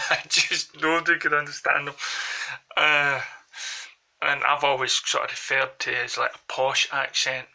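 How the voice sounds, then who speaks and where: A man's voice: on the high side, flat delivery, measured pace, creaky, bright, forceful tone, rough recording. A man with a Glaswegian accent from Scotland, rambling through casual anecdotes as a vlogger. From Glasgow, Scotland. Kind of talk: casual chat to camera.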